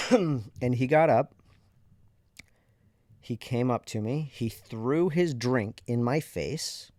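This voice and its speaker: A man's voice: mid-range voice, slow, pauses often, dry recording. A man in his thirties, a podcast host, candidly and reflectively telling a personal story in a conversational way.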